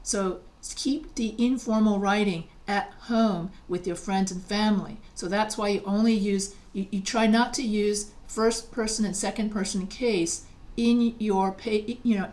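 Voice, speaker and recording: A middle-aged woman from New York lecturing on writing in a video lesson, with a voice of ordinary pitch for a woman. She talks in a loose, conversational way, reading out textbook examples and then explaining them plainly. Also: fairly even intonation, a little slow, darkish tone. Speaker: writing teacher.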